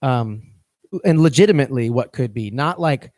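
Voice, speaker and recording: A man's voice: mid-range voice, lively intonation, normal speed, darkish tone, dry recording, clean studio sound. A man co-hosting a fitness coaching podcast, talking casually and rambling, often restarting his phrases.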